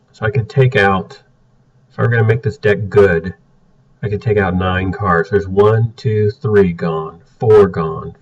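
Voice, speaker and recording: A man's voice: lowish voice, a little mellow. A man giving blunt, exasperated casual commentary as he reviews card game decks. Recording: muffled, distant from the mic.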